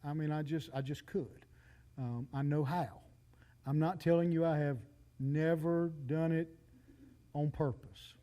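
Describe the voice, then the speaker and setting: A man's voice: fairly high pitch, fairly even intonation, unhurried, warm tone. A man, preaching a folksy, joking sermon and talking straight to the congregation. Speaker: pastor.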